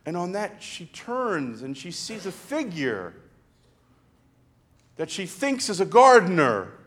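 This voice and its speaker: A man preaching a sermon, retelling a story slowly and dramatically, with pauses and hushed passages. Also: high-pitched, very animated.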